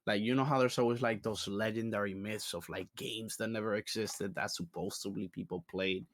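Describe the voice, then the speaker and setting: A man hosting a casual podcast, reacting to videos in a crude, excitable way with lots of swearing. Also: lowish voice, normal speed, no room sound, studio quality. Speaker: podcast host.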